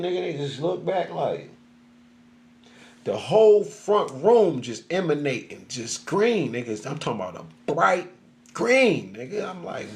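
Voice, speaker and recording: A man's voice: fairly high pitch, a little hiss or hum. A man casually telling a story, rambling and profane, often laughing. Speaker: social media storyteller.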